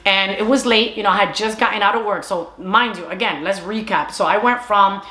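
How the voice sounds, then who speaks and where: A young adult woman telling a casual storytime monologue, animated and chatty, slipping between English and Spanish. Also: mid-range voice, a little fast. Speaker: storyteller vlogger. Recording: echoey room.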